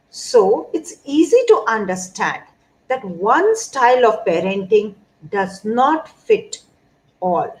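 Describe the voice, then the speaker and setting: A middle-aged woman speaks as a pediatrician advising parents. Her voice sits a little high and moves a great deal in pitch, rising and falling expressively. She takes her time, laying out each point slowly and deliberately. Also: poor audio. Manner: measured, explanatory, lists points one by one. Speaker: pediatrician giving parenting advice. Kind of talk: informative talk to parents.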